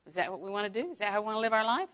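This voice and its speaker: An older woman delivers a Bible lesson with a bright, clear tone. She chuckles often and voices her own thoughts in quick quoted asides. Her delivery swings from soft, confiding remarks to loud, emphatic lines. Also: mid-range voice. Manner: lively, laughing often, acting out inner thoughts. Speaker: Bible teacher. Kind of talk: sermon.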